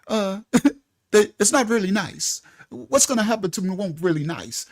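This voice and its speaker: A man loosely imitating a calm, boastful male politician who speaks in a nonchalant, laid-back tone. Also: high voice, measured pace, dry recording, clean studio sound, voice pushed up, exaggerated voice. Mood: smug.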